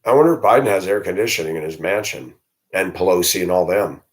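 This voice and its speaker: A man's voice: sits low, expressive, fast talker. A man vlogging alone, speaking in a blunt, indignant, ranting way. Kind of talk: solo opinion monologue.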